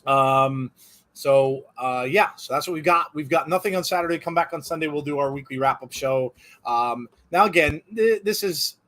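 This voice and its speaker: Man, watch-along host, high voice, casual rambling chat, quick laughs. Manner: animated, rambling, laughs often.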